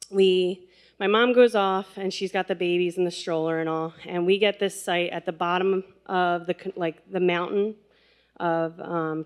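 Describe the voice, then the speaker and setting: A woman's voice: fairly low pitch, clear, resonant tone. A woman in her twenties telling a personal story live on stage, chatty and laughing, with lots of fillers. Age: 20s.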